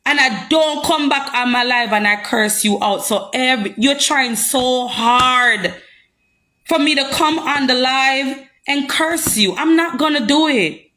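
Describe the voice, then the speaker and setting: A woman's voice: high-pitched, a little slow, sharp tone. A young Jamaican woman ranting heatedly on a live stream, confrontational and repeating herself. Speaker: social media personality.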